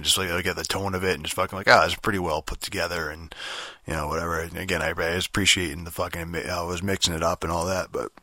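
A man's voice: low voice, bright, forceful tone, dry recording, clean studio sound. A young man rambling through a profane, filler-heavy review of a video game. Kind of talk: casual spoken game review rant.

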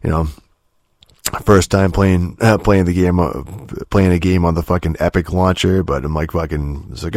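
A man's voice: sits low, little pitch movement, normal speed, no room sound, studio quality. A man telling gaming stories in a casual, rambling monologue, swearing constantly and full of filler words.

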